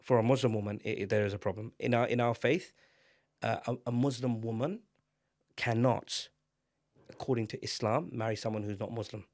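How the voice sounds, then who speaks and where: A man, co-hosting a casual podcast, emphatic and animated, climbing to loud exclamations. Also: mid-range voice, brisk, no echo, clean studio sound. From England. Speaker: podcast co-host.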